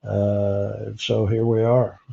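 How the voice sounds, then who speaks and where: A man telling an interviewer about a personal encounter, pausing often with fillers and restarts. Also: lowish voice, level tone, gravelly, mellow, highs cut off. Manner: halting, many fillers and restarts. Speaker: interview guest.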